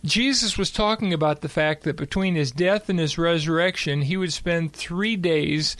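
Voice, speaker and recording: A man discussing a Bible passage in a measured, explanatory way. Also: a little high, fairly bright tone, no echo. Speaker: Bible teacher.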